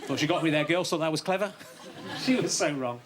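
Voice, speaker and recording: A man's voice: a little high, a little fast, noisy background. A man doing a bitter, mock-indignant stand-up routine on a TV studio stage. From England. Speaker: stand-up comedian.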